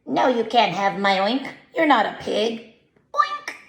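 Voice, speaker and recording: A woman's voice: a little high, huge pitch swings, measured pace, vocal fry, reverberant, exaggerated voice. A woman voicing a tough, stubborn pig who refuses bluntly and ends with a squealing oink, in a storybook read-aloud.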